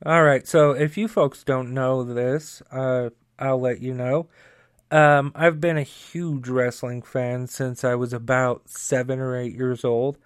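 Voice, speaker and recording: A man's voice: medium pitch, steady tone, slow pace, smooth, dry recording, clean studio sound. A man hosting his own podcast in a casual, upbeat, chatty way, with fillers and some cursing. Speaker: podcast host. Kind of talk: casual solo podcast talk.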